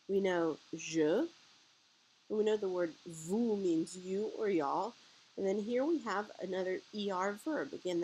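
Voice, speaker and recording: A woman's voice: lowish voice, slight background noise, poor audio. A woman teacher giving a guided video lesson, patiently explaining words step by step. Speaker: French teacher.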